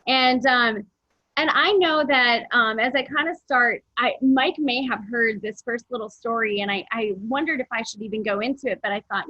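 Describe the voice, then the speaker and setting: A woman's voice: fairly high pitch, no echo. Earnest woman on a muffled call. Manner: warm, earnest, rambling, with quick laughs. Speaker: fitness coach and guest speaker. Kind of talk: casual motivational talk.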